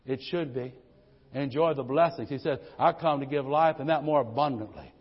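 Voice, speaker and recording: A middle-aged pastor with a mid-range, slightly breathy voice preaches at normal speed in a church sanctuary. His sermon is folksy and funny, built on stories and sprinkled with frequent shouts of "amen." The recording is dull and lo-fi, with a long church reverb.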